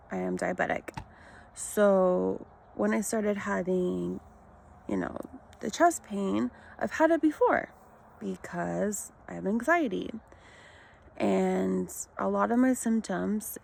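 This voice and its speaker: A woman in her thirties shares a personal story to camera. She talks very slowly, with a heavily gravelly, creaky voice. Her delivery is halting and emotional, broken by pauses and fillers. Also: mid-range voice, a little mellow, a little hiss or hum. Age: 30s. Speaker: vlogger sharing her health story.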